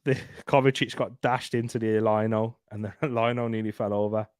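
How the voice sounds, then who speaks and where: A man's voice: fairly low pitch, steady tone, normal speed, a little mellow, smooth, dry recording, studio quality. A young man hosting a live football watchalong, chatting and laughing through casual match commentary. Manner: chatty, laughs often, banter. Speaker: watchalong host.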